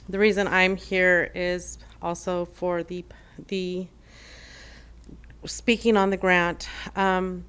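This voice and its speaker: Emotional low-voiced woman at a podium. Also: clear, resonant tone. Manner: earnest, emotional, with fillers and restarts. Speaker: shelter program manager giving public comment. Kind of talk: public comment at a council meeting. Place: council chamber.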